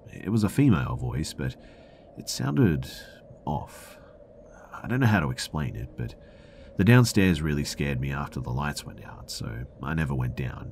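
A man reading a scary first-person story aloud in a hushed, measured way, sometimes dropping to a whisper. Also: a bass voice, background noise. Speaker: story narrator.

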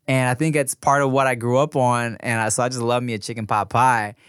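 A man's voice: medium pitch, little pitch movement, brisk, fairly bright tone, clean tone, no room sound. Male podcast co-host, easygoing and slangy, dry close-mic sound. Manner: laid-back, slangy, swears freely. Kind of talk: casual chat.

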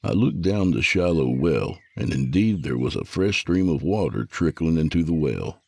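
A man tells a first-person story in a very low, gravelly voice with a husky edge. The recording is dry and close, with no room sound at all. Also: lively intonation, normal speed, darkish tone, dry recording. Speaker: narrator.

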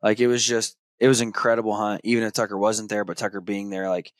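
A man, hosting a podcast and telling a story in a casual way, acting out his young son's excited shouts. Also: on the low side, quick pace, no echo. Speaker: podcast host.

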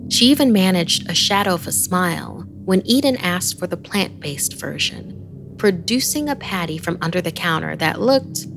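Low slow gravelly woman reading horror stories, gets all whispery and hushed. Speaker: horror story narrator. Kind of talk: scripted horror narration.

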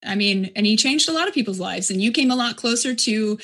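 Slightly high-voiced woman interviewer. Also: animated, a little fast, fairly bright tone. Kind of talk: interview conversation.

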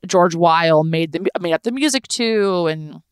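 A woman in her thirties from Los Angeles, chatting on a podcast and telling a lively, swearing story. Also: lowish voice, measured pace, smooth, no echo, clean studio sound. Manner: animated, swearing, laughing storyteller. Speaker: podcast host. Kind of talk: casual storytelling chat.

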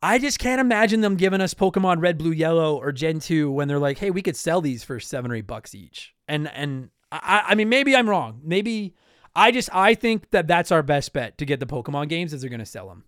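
A man's voice: fairly high pitch, expressive, brisk, a bit bright, clean tone, no room sound, studio quality. A man from Canada hosting a podcast and answering listener mail, rambling and apologizing as he cuts himself off mid-sentence. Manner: rambling, self-interrupting, apologetic. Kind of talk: casual podcast chat.

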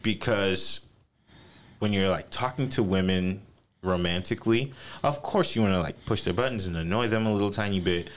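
A man with Caribbean roots from the East Coast, chatting casually on a podcast, telling funny stories and mimicking people in sudden high voices. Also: brisk. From Caribbean roots, raised on the US East Coast. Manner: animated, laughing storyteller who jumps into high mimic voices. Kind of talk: casual chat.

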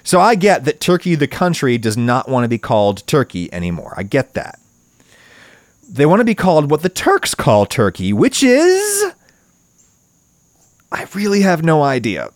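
A man's voice: big pitch swings, moderate pace, no echo, studio quality. A man hosting a solo video essay, giving opinionated commentary in a wry, emphatic way and leaning hard on stressed words. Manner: wry, emphatic, wide swings in pitch for stress.

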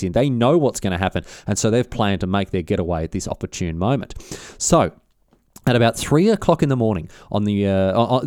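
A man telling a history story in a loose, chatty way, full of filler words, restarts and cheeky slang. His pitch swings lively up and down as he goes. The recording is close and dry, without room sound. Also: no echo.

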